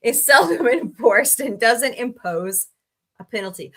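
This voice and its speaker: A woman's voice: fairly high pitch, expressive, a little slow, pauses often, fairly bright tone. A woman hosting a comedy livestream, reading odd laws aloud with sarcastic asides and greeting viewers in chat by name. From United States.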